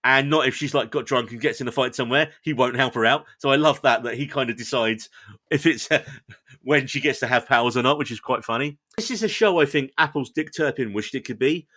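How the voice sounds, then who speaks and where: A man's voice: mid-range voice, a little fast, bright, forceful tone. A man co-hosting a podcast, chatting enthusiastically about a show he enjoyed, with a playful, self-deprecating manner. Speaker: podcast co-host reviewing shows. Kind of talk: casual review chat.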